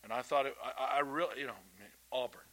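A man's voice: medium pitch, steady tone, fast, bright, forceful tone, poor audio. A man preaching a sermon to kids and grown-ups, talking in a folksy, emphatic way and restarting his words often. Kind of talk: sermon to children and adults.

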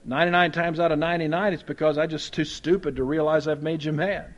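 Baptist pastor guy preaching, kinda high voice, chatty and folksy, gets loud then goes real quiet. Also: steady tone, fast talker, muffled recording. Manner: conversational, folksy preaching with humorous asides; swings between loud emphasis and quiet, soft-spoken moments. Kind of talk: sermon.

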